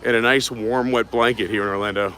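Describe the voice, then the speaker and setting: A man's voice: on the low side, fairly even intonation, fairly quick, pushed and bright, a faint crowd. A man casually chatting and joking while hosting a live stream outdoors at a theme park. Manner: joking, chatty, talks with food in his mouth at times. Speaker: vlog host.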